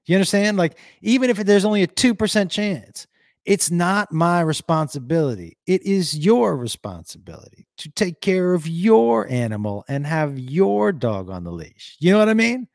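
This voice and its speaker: A middle-aged man tells a story and reads viewer comments on a casual livestream, ranting bluntly and swearing freely. His voice sits a little high and swings widely in pitch. It is picked up close and dry, with no room sound. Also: moderate pace, gravelly, no echo. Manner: animated, profane, ranting storytelling. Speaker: live streamer reading viewer comments.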